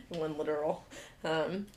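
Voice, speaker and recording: A woman's voice: deep voice, very animated, takes it slowly, slight background noise. Chatty woman who laughs easily. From Southern United States. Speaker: podcast co-host. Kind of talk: casual podcast chat.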